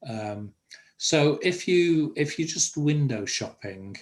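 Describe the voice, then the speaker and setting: An older man teaching a Spanish class over a video call, pausing often with fillers. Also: on the high side, animated. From England. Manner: halting, many fillers. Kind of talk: online language lesson.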